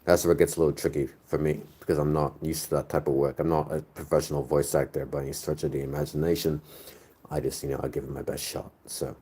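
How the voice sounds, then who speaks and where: A man's voice: very deep voice, flat delivery, fast talker, mellow, breathy edge. A man in his thirties chatting casually with his audience in a crude, joking, rambling way. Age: 30s. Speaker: streamer reading chat. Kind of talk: casual chat.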